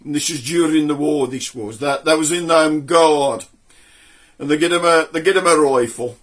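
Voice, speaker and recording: Joke-telling Black Country man, a bit high. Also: moderate pace, a bit bright. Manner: chatty joke-teller. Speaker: comedy show host. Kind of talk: comic storytelling.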